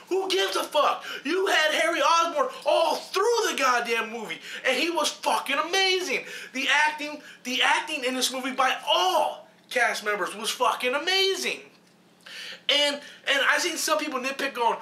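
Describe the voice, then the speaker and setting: Heated male reviewer, high piercing voice, swears constantly, echoey room. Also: lively intonation, normal speed, sharp tone. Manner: heated, emphatic, swears a lot. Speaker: film reviewer. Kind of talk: profane ranting film review.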